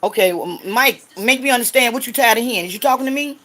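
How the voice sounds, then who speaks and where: Loud trash-talking woman in her sixties. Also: quick pace. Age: 60s. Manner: loud, cursing, trash-talking, swings between hollering and low muttering. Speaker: livestream host. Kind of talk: livestream chat answering viewers.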